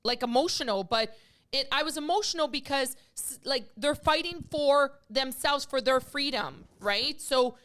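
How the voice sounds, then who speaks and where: A high, fairly bright voice at normal speed marks this middle-aged woman hosting a laid-back podcast. She speaks with emotion and wanders from point to point, full of filler words.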